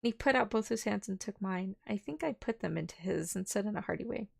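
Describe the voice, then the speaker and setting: A woman puts on an earnest young Texan cowboy, a hearty man who talks in homespun slang. His voice carries a gravelly edge and sits at an ordinary middle pitch. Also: fast, darkish tone. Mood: hopeful. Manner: folksy slang, hearty and sincere.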